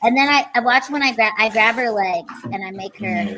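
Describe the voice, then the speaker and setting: A woman in a casual chat who talks softly about bathing her cat. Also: fairly high pitch, a little fast, a crowd in the background, rough recording.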